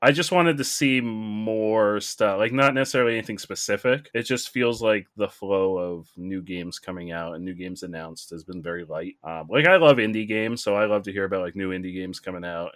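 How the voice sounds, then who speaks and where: A man co-hosting a podcast in casual chat, measured with a dry humor. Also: low voice, a bit bright, dry recording. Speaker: podcast co-host.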